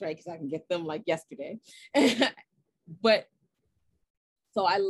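A woman's voice: medium pitch, slightly rough, no echo, poor audio. A woman guest on a podcast, telling stories in a casual, laughing way and acting out the voices of the people in them. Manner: laughing, animated storyteller acting out dialogue. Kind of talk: casual storytelling chat.

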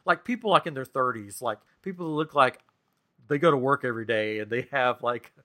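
Speaking fairly quickly in a medium-pitched voice, this man co-hosts a podcast and casually relives an annoying episode. He acts out lots of quoted exchanges, sounding animated and fed up as the story unfolds.

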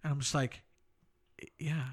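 A young man with a bright, forceful voice pitched a touch high tells film-set stories in easy, casual chat. He trails off into asides and laughs at himself as he goes. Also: lively intonation. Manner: storytelling, quick asides, self-deprecating laughs. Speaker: podcast co-host, film visual effects worker.

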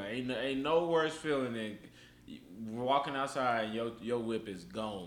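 A man's voice: medium pitch, unhurried. A young man hosting a casual podcast, telling stories animatedly and swearing a lot. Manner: animated storytelling, heavy profanity. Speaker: podcast host. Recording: echoey room with faint background noise.

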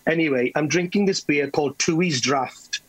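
A man with a West Welsh accent telling anecdotes as a guest, animated, with stammering restarts. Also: on the high side, moderate pace, husky, rough recording. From Wales. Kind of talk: anecdotal storytelling.

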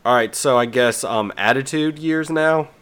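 A man's voice: medium pitch, normal speed, a bit bright, smooth. A man hosting a casual podcast chat, rambling with many restarts and fillers. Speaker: podcast host.

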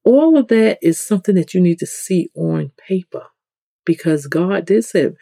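New York-accented spiritual host, loose chatty teaching, warm tone, dry recording. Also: lively intonation, moderate pace, gravelly, no room sound. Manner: conversational, rambling, with frequent restarts; acts out quoted people with sudden pitch jumps. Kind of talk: casual spiritual teaching talk.

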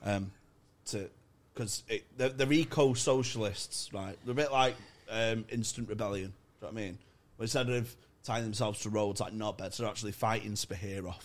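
A man's voice: fairly low pitch, fairly even intonation, moderate pace. A man, rambling and swearing as he tells a long story in a casual comedy podcast chat.

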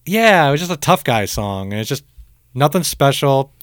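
A man's voice: medium pitch, moderate pace, clean tone, no room sound, clean studio sound. A man co-hosting a podcast, telling concert stories in a casual, profane way. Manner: profane, animated storytelling. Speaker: podcast co-host. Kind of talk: casual chat.

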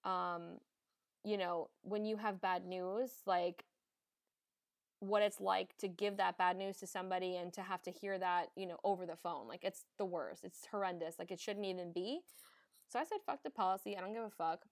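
A woman's voice: on the low side, fairly even intonation, moderate pace, dry recording, studio quality. A young woman who works as an emergency nurse, hosting a podcast and speaking frankly and emphatically, often swearing, in casual chat.

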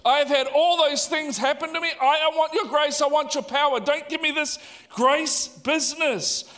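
An exasperated apostle, acted out by a preacher in a sermon, who pleads with God and lists his grievances in a raised, indignant voice. The voice sits high. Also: big pitch swings, slow, pushed and bright, full character voice.

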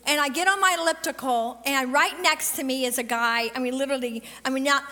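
Woman preacher, middle-aged, high bright voice, lively testimony style, long church reverb. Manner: animated storytelling, quick bursts and drawn-out emphasis. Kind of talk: sermon with personal testimony.

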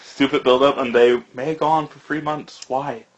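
A man's voice: medium pitch, fairly even intonation, normal speed, lo-fi sound. A man co-hosting a podcast in easygoing casual chat, who often laughs along. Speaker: podcast co-host.

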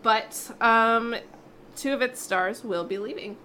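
A woman's voice: on the high side, slow, slight background noise. A woman hosting a casual panel chat, reading out entertainment news with wry asides. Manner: animated, reads news items aloud with wry asides. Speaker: show host presenting entertainment news.

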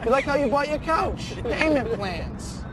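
A man's voice: very high-pitched, lively intonation, unhurried. An actor playing a young man in a car who sarcastically needles his friend about food, with traffic noise behind. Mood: mocking. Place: inside a car.

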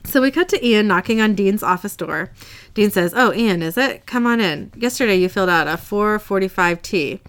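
At a normal speed and in a mid-range voice, a woman with lively intonation and a clean, slightly bright tone recaps a show episode for a casual podcast she co-hosts at home. She retells scenes, reads the quotes flatly, and laughs frequently.

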